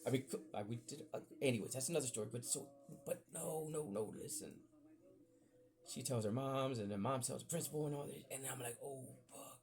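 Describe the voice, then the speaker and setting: Man, gravelly voice, casual podcast storyteller, rambling and animated with salty asides. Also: medium pitch, fast talker.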